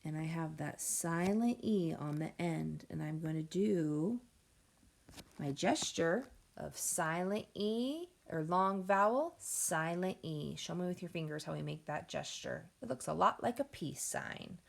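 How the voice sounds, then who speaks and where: A woman teaching a phonics lesson to young children, sounding out words slowly and clearly and encouraging the class. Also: fairly low pitch, animated. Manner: encouraging, addresses class as friends.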